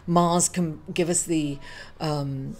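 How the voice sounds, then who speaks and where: A woman's voice: low voice, steady tone, slow, a little mellow. A woman hosting her weekly astrology reading, emotional and grieving, hesitant, with many fillers and apologies. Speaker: astrology reader and channel host.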